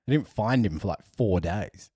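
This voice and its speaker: Husky low-voiced man telling stories. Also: moderate pace, no room sound, clean studio sound. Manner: animated storyteller, laughs often, acts out quotes. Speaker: podcast co-host. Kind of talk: casual storytelling chat.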